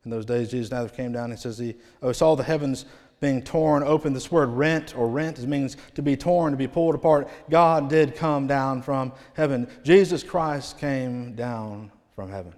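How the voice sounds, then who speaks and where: A man preaching a revival sermon in a church, rising to loud proclamations and falling to near-quiet phrase endings. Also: mid-range voice, normal speed. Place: church sanctuary. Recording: long hall reverb.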